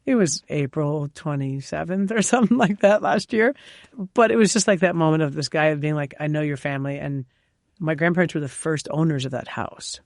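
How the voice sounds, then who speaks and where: A woman chef from New York, a guest on an interview show, telling lively stories with frequent laughs and fillers. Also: low-pitched, fairly quick, no room sound, clean studio sound. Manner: animated storyteller, laughs often, many fillers. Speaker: chef and cookbook author, guest. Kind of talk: casual interview chat.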